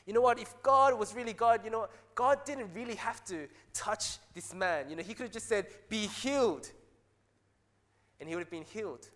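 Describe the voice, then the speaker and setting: A man preaching a sermon as pastor, earnest, rising to excited peaks and dropping soft again. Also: high-pitched, brisk, few pauses. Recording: long hall reverb.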